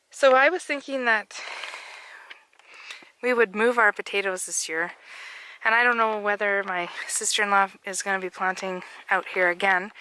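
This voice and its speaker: A woman's voice: medium pitch, sharp tone, a little hiss or hum, low-quality recording. A woman chatting casually and rambling with light jokes while walking through her backyard garden in winter. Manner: rambling, jokey, laughs often. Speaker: vlogger.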